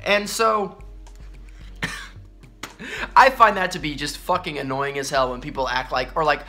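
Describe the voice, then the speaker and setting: A young man rants to the camera about sneakers, swearing freely and sounding exasperated as he mimics the people he quotes. His voice is bright and forceful. Faint music plays quietly underneath. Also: on the high side, unhurried. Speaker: sneaker vlogger. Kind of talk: casual ranting vlog.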